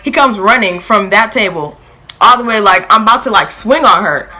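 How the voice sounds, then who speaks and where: A young woman telling a storytime vlog in a lively, filler-heavy way, acting out quotes, with features. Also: medium pitch, normal speed, low-quality recording. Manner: animated, filler-heavy retelling with acted quotes. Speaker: vlogger.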